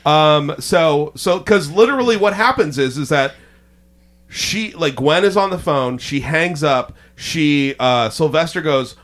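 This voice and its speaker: A man's voice: on the high side, measured pace, fairly bright tone. A man hosting a casual chat, laughing often and stalling with fillers as he recaps a story.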